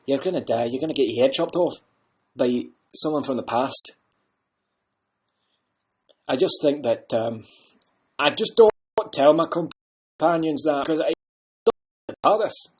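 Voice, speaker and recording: A man's voice: mid-range voice, expressive, unhurried, pauses often, breathy edge. A man doing an impression of a blunt, rambling Scottish time-travelling Doctor, with a Scottish accent. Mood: ranting. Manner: rambling, blunt, loud bursts.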